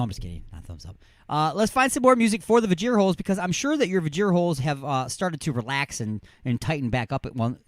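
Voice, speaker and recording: A man's voice: on the high side, no echo. A man hosting an internet radio show from a studio, joking and rambling with self-mocking asides as he reads out odd news stories. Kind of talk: comedic radio banter reading news stories.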